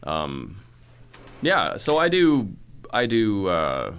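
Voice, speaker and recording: Relaxed baritone man, podcast guest. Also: clean tone. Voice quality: baritone singer's voice. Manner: easygoing, explains with quick accent samples. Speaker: audiobook narrator and voice actor. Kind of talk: casual podcast chat.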